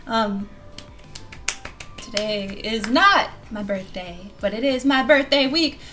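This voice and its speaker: A woman hosting a casual live stream, excitable and bubbly, laughing often and bursting into squeals, on a desk mic with soft music behind her. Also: fairly high pitch, slow pace. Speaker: livestream host. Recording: quiet music under the voice. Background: soft background music.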